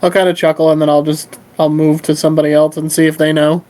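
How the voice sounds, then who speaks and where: Hesitant player talking in a tabletop game, midrange voice, halting bits. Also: mid-range voice, flat delivery, warm tone, low-quality recording. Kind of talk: tabletop role-play.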